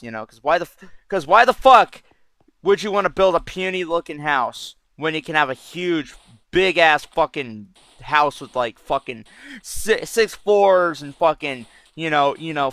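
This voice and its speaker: A man's voice: on the high side, sharp tone, no room sound. A man giving casual gameplay commentary as a channel host, brash and profane, rambling as he plays.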